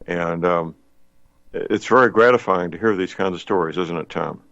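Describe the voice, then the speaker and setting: Older male radio host, low gravelly voice, dry close sound, folksy rambler. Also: moderate pace, a bit bright, no room sound, lo-fi sound. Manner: folksy, rambling with many fillers. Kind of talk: radio talk show chat.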